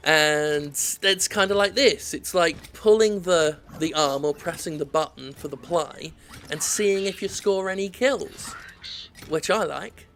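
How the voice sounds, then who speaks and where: A man's voice: a little high, unhurried, gravelly, fairly bright tone, slight background noise. A man giving rambling, sweary, self-deprecating commentary over his own gameplay, drifting off on tangents. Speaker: gaming video host.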